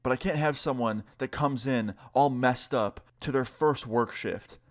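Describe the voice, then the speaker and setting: A man's voice: mid-range voice, a little slow, close to an everyday voice. A man putting on the voice of his irritated, bossy male pet shop boss, scolding and exasperated. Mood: angry.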